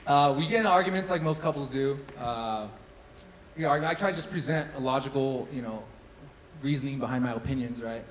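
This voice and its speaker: A man's voice: mid-range voice, brisk, slight background noise, poor audio. A man in his thirties doing a stand-up comedy set, chatty and self-deprecating, with lots of fillers. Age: 30s. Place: large hall with a live audience. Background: audience laughter.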